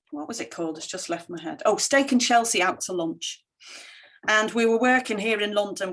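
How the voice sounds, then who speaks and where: A middle-aged woman speaking at a conference keynote, her voice sitting at an ordinary middle pitch. She tells her stories with animation and brings other people's words to life as she quotes them. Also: fairly bright tone.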